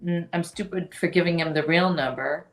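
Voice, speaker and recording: A woman's voice: on the low side, normal speed. A woman co-hosting a casual chat, self-deprecating and hesitant, often trailing off mid-sentence. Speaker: co-host.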